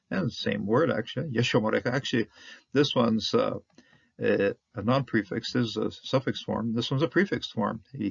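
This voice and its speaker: A man teaching a Hebrew Bible reading word by word, halting often with fillers and restarts. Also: mid-range voice, vocal fry, husky, no echo. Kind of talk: Bible language lesson. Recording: dry, dull lo-fi.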